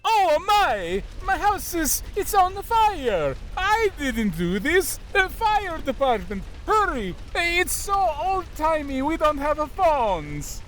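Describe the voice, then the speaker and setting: Comic bit: a performer playing a panicky old-fashioned man, high and slow, swinging pitch. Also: big pitch swings, a little hiss or hum, exaggerated voice. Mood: frantic. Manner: panicked, shouting, goofy. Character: frantic old-timey man whose house burns.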